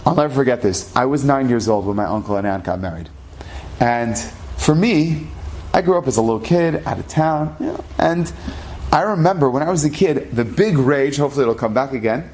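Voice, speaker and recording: Guy telling a story about his childhood, animated and chatty. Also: medium pitch. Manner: animated, conversational. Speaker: speaker.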